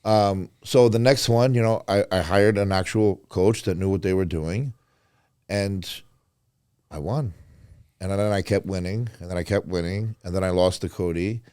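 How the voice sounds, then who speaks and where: A man guesting on a podcast, speaking candidly about his sport and slipping into lively quoted voices. His tone is warm and mellow, with a dry, close studio sound. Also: low-pitched, moderate pace, clean tone, dry recording. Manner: candid, swears, quotes others in animated voices. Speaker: podcast guest, pro bodybuilder. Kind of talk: casual podcast chat.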